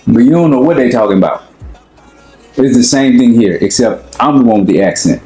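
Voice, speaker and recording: A young American man with an African American accent, talking casually and relaxed about his own experiences, with lots of slang. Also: medium pitch, brisk, reverberant, faint music behind, rough recording. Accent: African American English. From United States. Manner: relaxed, conversational, slangy, often asks "you know what I'm saying". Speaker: interviewee. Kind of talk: casual personal talk.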